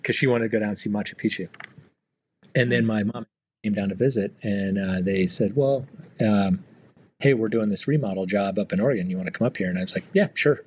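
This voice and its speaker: A middle-aged man, a retired Marine aviator, telling his story as a guest in a relaxed, rambling way with many fillers. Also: lowish voice, a little fast, husky, dull audio. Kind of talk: casual storytelling interview.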